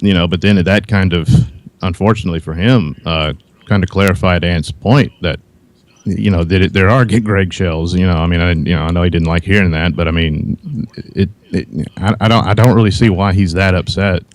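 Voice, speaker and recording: A man's voice: low-pitched, steady tone, brisk, no room sound. A man from Louisiana, calling in as a guest on a video call and talking hesitantly, with many fillers. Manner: hesitant, full of "you know" and "uh". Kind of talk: casual chat. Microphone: video call mic.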